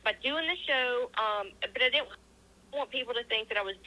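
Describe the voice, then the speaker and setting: Woman, very bright voice, casual interview guest, earnest, many ums, acts out dialogue. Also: a little high, moderate pace, low-quality recording. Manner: storytelling, acts out quoted dialogue.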